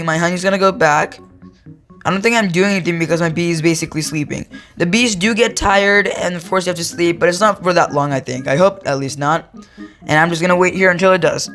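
A man's voice: high-pitched, a bit bright. Rambling young male gamer, faint music. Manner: rambling, self-correcting, easily amused. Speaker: gaming YouTuber. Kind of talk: casual gameplay commentary.

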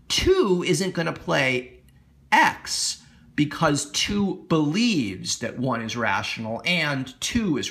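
A man's voice: a little high, a bit bright. A man giving a recorded lecture on game theory, explaining step by step in an informal way and often asking "right?". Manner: informal, repeats words, asks "right?". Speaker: economics lecturer.

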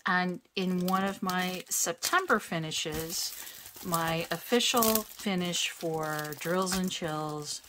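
A woman talks slowly and easily as she unboxes craft kits at home. She chats in a self-deprecating way, laughs often and muses out loud. Faint crinkling of packaging sits under her voice. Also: fairly low pitch, background noise. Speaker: crafting vlogger. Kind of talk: casual unboxing chat.

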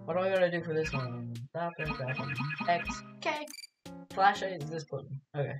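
A woman's voice: deep voice, expressive, normal speed, low-quality recording. A woman giving casual gameplay commentary, jumpy and swearing often. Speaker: gamer. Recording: loud game music behind.

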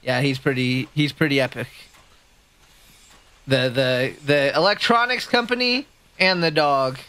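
A woman streaming a video game, chatting casually with her viewers and jumping into a high, squeaky voice when she gets excited or nervous. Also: unhurried. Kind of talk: casual gameplay commentary.

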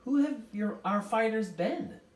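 A woman's voice: a little high, animated, measured pace, a little mellow, voice pushed up. A woman voicing an earnest teenage boy listing names with rising confidence. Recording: roomy, distant mic.

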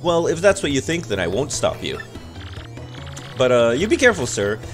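A fussy, deferential ship's sailor in a video game, acted by a man. He speaks with stiff, formal politeness, a touch higher than plain talk. Game music plays behind. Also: huge pitch swings, normal speed. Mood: courteous.

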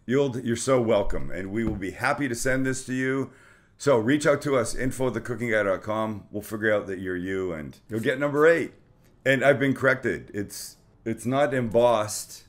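A man's voice: mid-range voice, expressive, measured pace, no room sound. Middle-aged guy hosting a cooking show, chatty and hyped up, lots of oh boys and gorgeous. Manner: enthusiastic, exclamatory, chatty. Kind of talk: casual cooking show chat.

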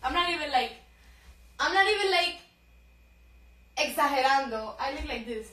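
A woman's voice: sits high, animated, normal speed, bright, forceful tone, roomy sound. A young woman telling a story on a phone livestream, swearing freely, laughing, mixing in Spanish, and short of breath. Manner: profane, laughing, code-switching into Spanish. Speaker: social media personality.

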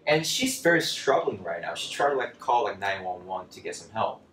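A man teaching a casual language lesson, talking in a loose, chatty way with lots of fillers and lively bursts when he quotes phrases. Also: on the low side, normal speed, distant mic. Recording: roomy, from off-mic, faint background noise.

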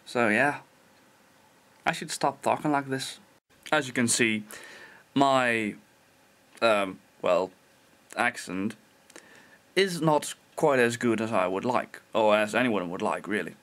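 A man's voice: fairly low pitch, expressive, takes it slowly, pauses often, a bit bright. A young Dutch man, a non-native English speaker, rambling self-mockingly in a casual vlog. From Netherlands. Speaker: vlogger.

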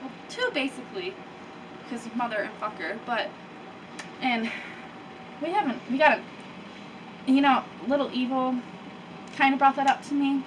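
A woman's voice: high-pitched, moderate pace, pauses often, close to an everyday voice. A woman playing an exasperated, rambling company boss. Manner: hesitant, rambling explanations. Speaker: company staff member in her office. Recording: distant mic with background noise.

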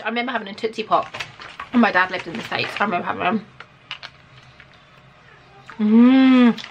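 A woman with a British accent, chatting to camera as she unboxes gifts in an excitable, gushing way full of gasps. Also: medium pitch, dull audio, background noise. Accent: British English. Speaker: vlogger.

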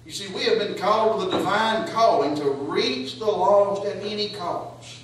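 High-voiced preacher in an echoey church. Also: male voice, moderate pace, hardly any pauses. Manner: preaching with rising, questioning cadence. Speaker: pastor. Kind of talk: sermon. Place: church sanctuary. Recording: echoey church hall, voice from far off.

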